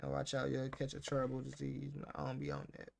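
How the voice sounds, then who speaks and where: A man's voice: mid-range voice, monotone, fast, creaky. A man casually reading a self-help book aloud and reacting to it in slangy, talk-back commentary. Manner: slangy, talks back to the text, reads passages aloud then riffs.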